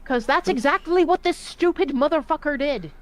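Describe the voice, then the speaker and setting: A woman who served in the Navy, telling profane, animated stories in a casual voice chat. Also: high-pitched, normal speed. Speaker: Navy veteran storyteller.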